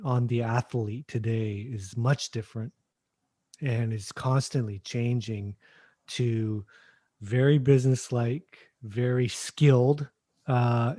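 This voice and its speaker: A man hosting a podcast in casual chat, speaking haltingly with many fillers. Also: mid-range voice, darkish tone, dry recording. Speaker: podcast host.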